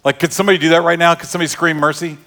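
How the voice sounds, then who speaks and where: Brief: male pastor, chatty joking sermon delivery, higher voice. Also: steady tone, racing, sharp tone. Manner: conversational, joking storyteller.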